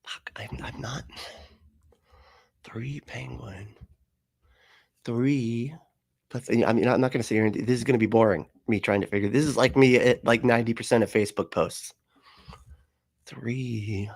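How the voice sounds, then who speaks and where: A man's voice: mid-range voice, no room sound, studio quality. A man hosting a live stream, reading chat aloud in a casual, rambling way, often laughing, swearing and sounding puzzled.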